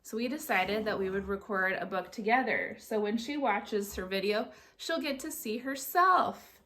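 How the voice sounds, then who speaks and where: A woman's voice: mid-range voice, moderate pace, a bit bright. A woman hosting a book club, reading a storybook aloud to a child with chatty, playful asides.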